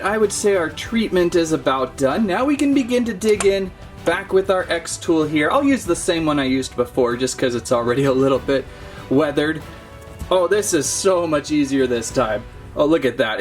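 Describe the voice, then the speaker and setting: A man hosting a casual toy unboxing, talking in a playful, jokey, mock-serious way. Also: on the high side. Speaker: toy channel host.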